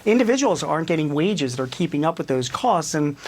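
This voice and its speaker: A man speaking as a business commentator and guest on a TV news interview, animated and emphatic, with many fillers. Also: on the high side, fast, a little hiss or hum.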